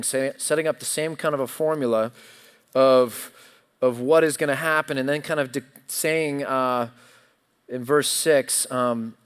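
Chatty middle-aged pastor preaching. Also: male voice, on the high side, smooth. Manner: conversational, self-deprecating storytelling with many ums and restarts. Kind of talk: sermon with personal stories.

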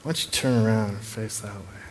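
A man leading a church service as pastor, relaxed and joking as he invites people up. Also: fairly low pitch, brisk, a little hiss or hum. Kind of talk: sermon. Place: large church hall. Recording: reverberant hall, faint ambience.

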